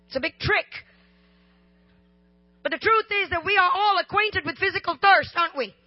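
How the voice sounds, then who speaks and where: A woman preaching a sermon, chatting and joking before rising into loud, slow shouted lines. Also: extremely high pitch, no room sound. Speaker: guest preacher. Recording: slightly dull, dry sound.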